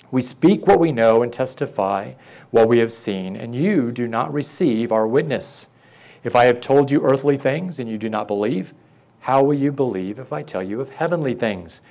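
Guy giving a sermon, normal pitch, talks it through casually, acts out quotes. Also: darkish tone. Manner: conversational, asks the congregation questions, acts out quoted lines. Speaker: preacher.

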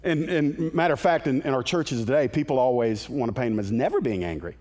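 A man's voice: mid-range voice, animated, brisk, a little mellow, in a large hall. A male pastor preaching a sermon in a conversational, emphatic way, with asides to the congregation.

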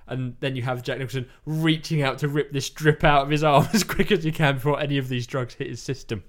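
A man's voice: mid-range voice, fairly even intonation, fast talker, few pauses. A man in casual chat, retelling a film plot in a rambling way and acting out lines. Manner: rambling storytelling, acts out quotes.

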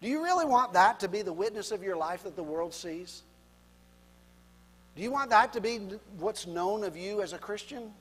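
High-voiced man preaching in a reverberant hall. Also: lively intonation, normal speed, husky. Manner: folksy and self-deprecating, laughs often; swings from quiet asides to loud emphatic preaching. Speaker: pastor. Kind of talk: sermon.

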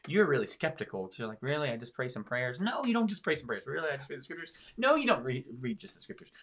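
A man's voice: medium pitch, very animated, quick pace, fairly bright tone. A man talking as a pastor in a podcast discussion, preaching with emphatic swings in his voice. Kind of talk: sermon-style podcast discussion.

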